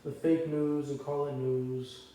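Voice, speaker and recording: A man's voice: on the high side, level tone, takes it slowly, dark tone. A man co-hosting a podcast in casual chat, agreeing with the host and backing him up. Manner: agreeable, backs up the host with short replies. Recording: echoey room with faint noise.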